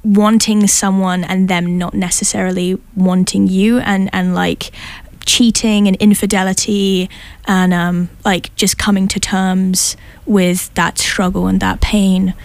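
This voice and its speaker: A woman's voice: medium pitch, little pitch movement, measured pace, no room sound. A young woman, a radio show guest, talking thoughtfully with many fillers. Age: young adult. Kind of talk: casual chat.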